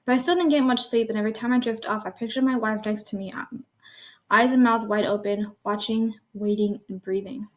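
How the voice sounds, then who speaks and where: Female story narrator, first person, tense, slightly high voice. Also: fairly even intonation, brisk. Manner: tense, with small slips and restarts.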